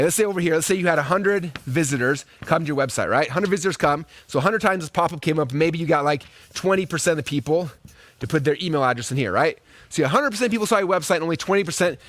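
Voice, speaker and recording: Fast-talking high-pitched man teaching. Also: no echo. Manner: acts out quoted voices in a high excited pitch. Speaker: online marketing teacher. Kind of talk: energetic teaching talk.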